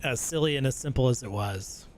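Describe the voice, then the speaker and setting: A male gaming streamer talks a little fast in a mid-pitched voice, giving loose, rambling commentary as he plays. He gets excited and slangy as the action unfolds.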